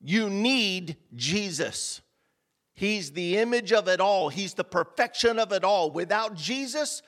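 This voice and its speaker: A man with a high voice delivers a slow, deliberate sermon. He builds his points through repeated phrases and rhetorical questions. The voice rings out with long reverb from a church hall. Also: sharp tone. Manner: emphatic, rhetorical questions and repetition. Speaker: preacher.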